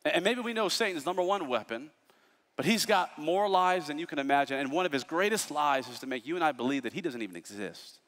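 A man in his thirties preaches from the pulpit, his voice high and bright. He tells stories in an animated way with playful asides. The sound carries a long reverb from a large church hall. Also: quick pace. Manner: animated storytelling, lively asides. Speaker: pastor. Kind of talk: sermon.

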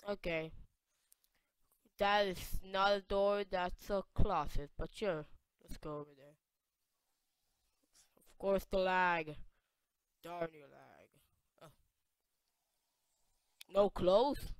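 Slow, smooth-voiced excitable gamer. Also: mid-range voice, no echo, clean studio sound. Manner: excitable, reads on-screen text aloud, sudden loud yelps. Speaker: let's play gamer. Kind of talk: casual gameplay commentary.

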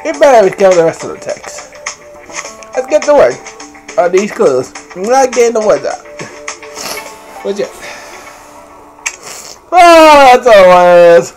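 A woman streamer chatting casually as she plays, giggling often and breaking into loud exclamations. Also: medium pitch, sing-song, normal speed, long pauses, low-quality recording. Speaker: gameplay streamer. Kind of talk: casual game commentary. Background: game music.

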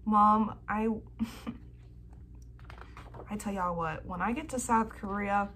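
A young woman vlogging an excited unboxing from home, gasping and squealing over fan merchandise. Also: medium pitch, takes it slowly, a little hiss or hum.

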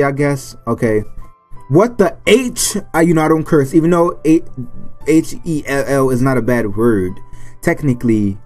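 Male gaming host, mid-pitched, reads story-game text aloud with playful side comments; faint background music. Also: darkish tone. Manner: playful, stumbles over names and jokes between lines. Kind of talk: reading a visual novel aloud with commentary.

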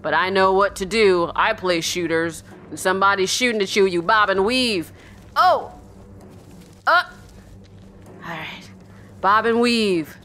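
A woman playing a horror game and commenting as she goes, jumpy, yelping when startled and muttering quietly when she is tense, often calling to her in-game dog. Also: medium pitch, big pitch swings, a little slow, a little hiss or hum. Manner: jumpy, yelps and shrieks, then drops to a hushed mutter. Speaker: let's play streamer.

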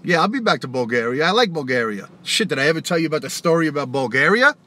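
A man's voice: a little high, big pitch swings, fast talker, bright, forceful tone. A man who raps, hosting a casual live stream and ranting back at viewers' comments, profane and taunting, laughing often. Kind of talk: casual live-stream rant answering chat.

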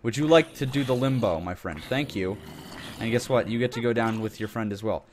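A young man chatting his way through a video game, loose and jokey. He rambles, backtracks and corrects himself as he talks, at a mid-range pitch. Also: a little fast, a little hiss or hum. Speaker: gaming channel host. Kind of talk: casual game commentary.

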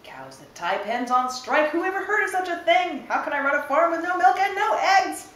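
A woman voicing an indignant male farmer who shouts in exasperation, as she reads a storybook aloud. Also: extremely high pitch, very animated, normal speed, voice pushed up, full character voice. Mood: outraged. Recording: roomy, distant, noisy camera mic.

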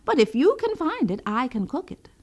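A woman storyteller voicing Madame Bouqui, a practical, matter-of-fact folk-tale wife, pitched higher than her narration. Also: big pitch swings, normal speed, darkish tone. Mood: confident. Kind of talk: storybook reading.

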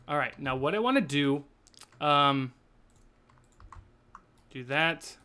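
A young man hosting a casual gaming session, excitable, laughing often and trailing off mid-thought. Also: fairly high pitch, slow, clean tone. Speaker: host.

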